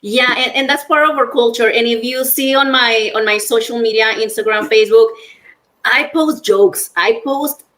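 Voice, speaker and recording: A woman from Mexico with a strong Mexican Spanish accent, a business owner talking as a guest in a lively interview and mixing in Spanish words. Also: on the high side, moderate pace. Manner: lively, restarts often, mixes in Spanish words. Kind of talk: casual interview chat.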